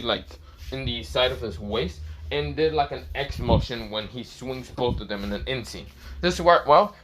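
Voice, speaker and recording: A man narrates a fan story off the cuff, circling back on himself with constant filler phrases. His voice is bright and forceful, with an ordinary, middling pitch. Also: slight background noise. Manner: rambling, many fillers and restarts.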